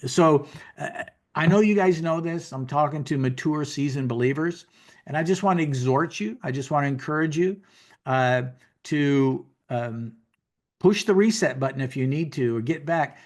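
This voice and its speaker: A man's voice: fairly high pitch, moderate pace. A man in his sixties giving folksy, conversational preaching from his home office over a video call, repeating phrases for emphasis. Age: 60s. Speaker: guest minister teaching.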